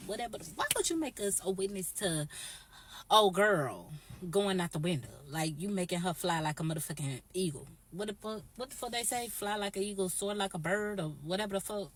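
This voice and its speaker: A woman vlogger telling an animated, profane, slangy story straight to camera. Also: medium pitch, a little fast, slight background noise. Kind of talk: storytime vlog.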